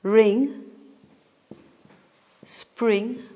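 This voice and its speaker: A woman's voice: fairly high pitch, steady tone, drawn-out words, dark tone. A woman teacher giving a patient poetry lesson, explaining step by step and correcting herself as she goes. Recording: long reverb.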